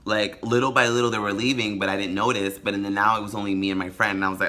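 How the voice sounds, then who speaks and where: A man telling a story in a casual, gossipy vlog, animated and camp, breaking into sudden high squeals. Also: rapid-fire. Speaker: vlogger.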